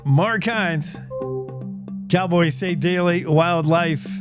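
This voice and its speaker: A man's voice: high voice, takes it slowly, music in the background. A man hosting a radio show, casually retelling a news story in a joking, rambling way with self-corrections. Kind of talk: casual chat.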